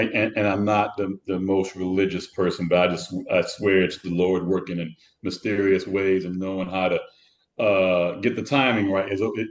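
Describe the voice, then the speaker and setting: Deep-voiced halting man, roomy echo. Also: slight background noise. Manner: halting, many repeated words. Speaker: podcast co-host, retired first responder. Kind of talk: casual reflective talk.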